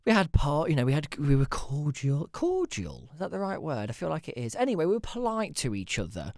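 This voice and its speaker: A man's voice: a little high, huge pitch swings, a little fast, creaky, a little mellow, dry recording, clean studio sound. A man hosting a casual solo podcast, rambling and self-deprecating, with the odd swear word. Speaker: podcast host.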